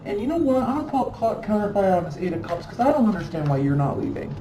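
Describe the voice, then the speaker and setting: A woman's voice: medium pitch, big pitch swings, quick pace, a crowd in the background. A woman giving a tarot card reading in an emphatic, scolding way, repeating phrases for stress. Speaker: tarot reader. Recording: echoey room, mic at a distance, faint background noise.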